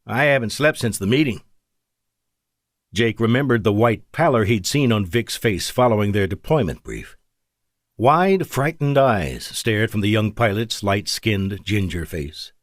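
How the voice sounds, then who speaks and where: A man narrating an audiobook in a measured, dramatic way. His pitch moves lively through the sentences. The sound is close and dry, with no room around it. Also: no echo. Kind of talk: scripted narration.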